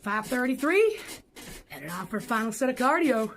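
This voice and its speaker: High-voiced woman streaming from a bike. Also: sing-song, normal speed, gravelly, fairly bright tone, slight background noise. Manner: casual, swearing, joking. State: exercising on a bike. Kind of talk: casual livestream chat.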